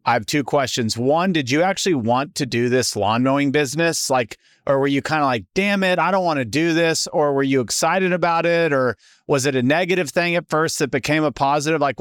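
Podcast host guy, smooth clear voice, stacks up questions, dry room. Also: mid-range voice, a little fast, few pauses, no room sound. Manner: curious, asks several questions at once. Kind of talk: interview questions.

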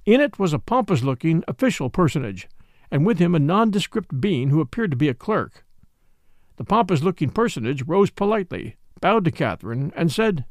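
A man's voice: fairly high pitch, moderate pace, no echo, clean studio sound. A man narrating a mystery novel as an audiobook, reading expressively. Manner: expressive storytelling.

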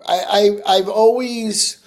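A man's voice: high voice, steady tone, slow. Rambling New chef in his sixties. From New York. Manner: rambling storyteller, frequent "you know". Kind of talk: casual chat.

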